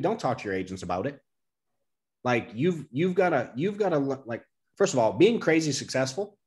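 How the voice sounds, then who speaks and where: Casting: blunt, foul-mouthed male podcast host, casual and animated. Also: mid-range voice. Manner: candid, profane, animated storytelling.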